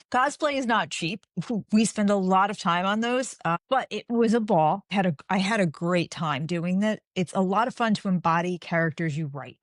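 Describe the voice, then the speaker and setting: A woman in her forties, a guest author chatting in an interview, telling animated stories and acting out the dialogue. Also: medium pitch, normal speed, few pauses, dry recording, clean studio sound. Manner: animated storyteller, acts out quoted dialogue. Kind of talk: casual interview chat.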